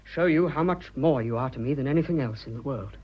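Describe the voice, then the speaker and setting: In a dull old 1940s radio broadcast, an English actor voices an earnest, bashful young businessman declaring his love. His medium-pitched voice is fast and natural, flustered and ardent, blustering with eager shyness.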